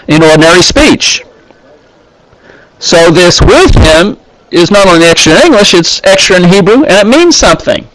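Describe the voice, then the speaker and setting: A man teaching scripture in an unhurried way, pausing often as he reads Hebrew phrases and explains them. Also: high voice, sing-song, fairly bright tone, no echo, low-quality recording. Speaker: Bible teacher.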